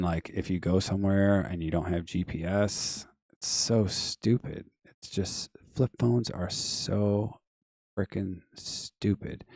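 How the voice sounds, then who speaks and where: A man with a very deep voice runs a casual live-stream show, rambling through viewer comments in an offhand way. His voice is going hoarse. The sound is dry and close, with no room echo. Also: dark tone. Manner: rambling, offhand, many fillers and trailing asides. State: losing his voice.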